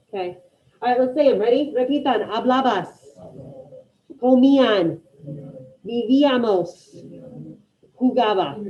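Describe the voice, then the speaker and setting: A woman's voice: on the high side, lo-fi sound. A woman teaching an online Spanish class, encouraging her students and calling on them by name.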